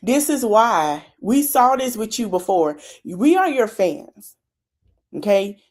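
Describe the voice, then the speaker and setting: A woman's voice: mid-range voice, very animated, slow. A woman hosting a podcast, casually recapping a reality show, retelling what people said and adding her own commentary. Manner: chatty storytelling, retelling dialogue with commentary. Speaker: podcast host.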